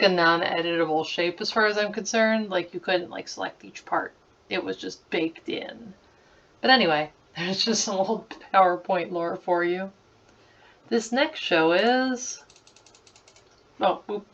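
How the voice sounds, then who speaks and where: A woman around thirty talks in a lowish voice, loose and chatty, with giggles and a steady stream of "like" fillers. This is casual screen-recording commentary captured on a computer mic. The sound is slightly muffled and lo-fi. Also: gravelly, distant mic, a little hiss or hum. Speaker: creator revisiting her childhood slideshows.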